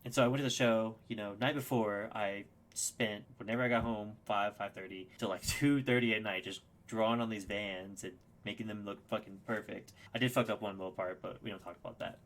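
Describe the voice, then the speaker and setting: A young man telling a story as a podcast guest, excitable and casual, swearing freely with lots of fillers and restarts. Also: fairly low pitch, brisk.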